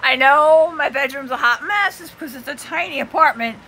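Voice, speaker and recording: A woman's voice: high-pitched, moderate pace, sharp tone, low-quality recording. A woman vlogging casually from a small apartment bedroom, breathless and exasperated, with a New York accent. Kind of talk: casual selfie vlog to camera. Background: air conditioner hum.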